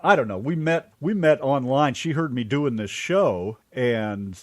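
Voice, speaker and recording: A man's voice: mid-range voice, animated, measured pace, no echo. Enthusiastic folksy male host. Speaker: radio show host. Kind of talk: casual interview chat.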